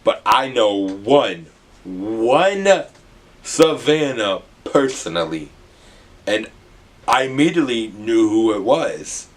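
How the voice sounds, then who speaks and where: A young man from the US Midwest, telling a rambling, animated storytime with some swearing. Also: fairly low pitch, takes it slowly. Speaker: vlogger. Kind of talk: casual storytime.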